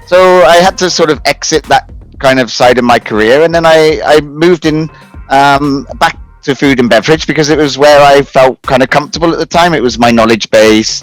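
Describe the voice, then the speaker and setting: A man's voice: mid-range voice, low-quality recording. A British man in his thirties, a talk-show guest telling his career story in a rambling way, full of restarts and self-mocking laughs. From United Kingdom. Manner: rambling, many restarts and fillers, laughs at himself. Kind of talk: casual conversational storytelling.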